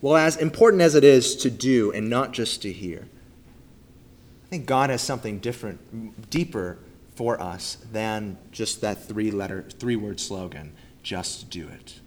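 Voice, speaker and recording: A man preaching a sermon in a church, stressing key phrases loudly, then dropping to quiet, low line endings. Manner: emphatic, swings from loud stresses to soft, low trailing endings. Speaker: pastor. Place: church sanctuary.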